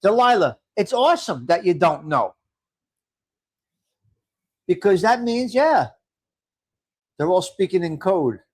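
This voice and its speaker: A middle-aged man hosts a casual live stream, chatting with viewers and reading their comments aloud. His voice sits high, swoops up and down a lot, and he rambles and laughs easily. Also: sing-song, slow pace, long pauses. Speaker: livestream host.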